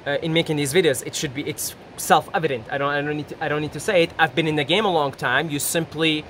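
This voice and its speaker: Talking fast in a voice on the high side, a self-help YouTuber rambles through motivational advice to camera. He laughs often and acts out quoted voices with animation, over a faint hiss or hum.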